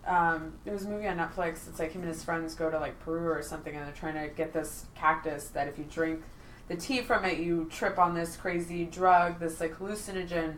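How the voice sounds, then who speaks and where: A woman co-hosting a podcast in casual chat, chatty and quick to laugh. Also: fairly low pitch, steady tone, a little hiss or hum, low-quality recording. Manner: chatty, laughs often, quotes movie lines. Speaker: podcast co-host.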